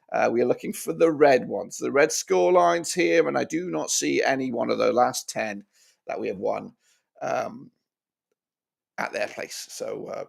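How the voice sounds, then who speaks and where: Chatty gravelly-voiced man previewing a match. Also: mid-range voice. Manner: chatty, exclamatory, talks to viewers as guys. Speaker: football fan channel host.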